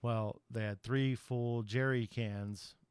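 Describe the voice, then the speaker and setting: A man's voice: medium pitch, fairly even intonation, takes it slowly, a little mellow, clean tone, no echo. A man on a podcast casually retelling a horror movie's plot in a rambling way, acting out the characters' lines and swearing loosely. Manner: loose, profane slang. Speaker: podcast host.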